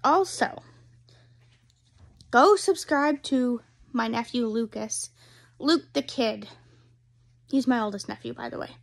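Chatty young woman, slightly hoarse. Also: on the high side, takes it slowly, pauses often. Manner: chatty, rambling, giggly. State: slightly hoarse, losing her voice. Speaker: vlogger. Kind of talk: casual taste-test vlog. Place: indoors at home.

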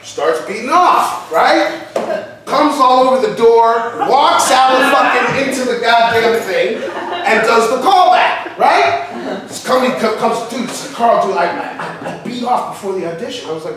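A man's voice: very high voice, lively intonation, measured pace, crowd noise. A man, an acting teacher, telling a profane story in a casual way to a class, acting out his friends' voices. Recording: echoey room, far from the mic.

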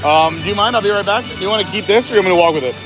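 A man's voice: high voice, very fast, music in the background. A man hosting a casual live stream outdoors at a theme park, chatting and laughing often while walking around.

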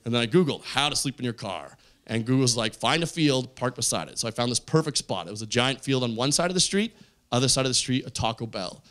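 A man doing a stand-up set on a club stage, telling a story with lively character voices. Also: mid-range voice, quick pace. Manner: animated storytelling, acts out characters. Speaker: stand-up comedian. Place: comedy club stage with audience.

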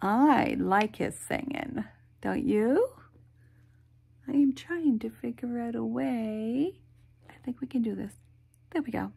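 A woman reading a picture book aloud to children, animated, with sound effects and soft whispered asides. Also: a little high, takes it slowly, gravelly, pauses often, breathy edge. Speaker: storyteller.

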